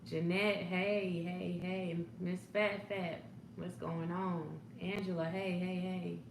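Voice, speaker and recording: A woman chats slowly and loosely on a casual livestream, greeting viewers one by one, filling pauses with ums. Her voice sits a little low and easy. The room is echoey, with a faint hum of background noise behind her. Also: flat delivery, creaky. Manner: laid-back, warm greetings, frequent laughs and ums. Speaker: life coach hosting a livestream.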